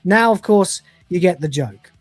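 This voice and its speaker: A woman's voice: on the low side, lively intonation, unhurried, darkish tone, no room sound. A woman co-hosting a casual livestream review, retelling scenes and acting out the characters' lines with put-on voices. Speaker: podcast co-host reviewing episodes.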